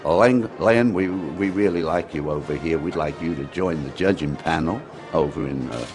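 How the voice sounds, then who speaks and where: A man's voice: rumbling low, normal speed, a little mellow, soft background music, voice pushed down. An older man putting on an American accent to play an eager TV producer. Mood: coaxing. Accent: put-on American.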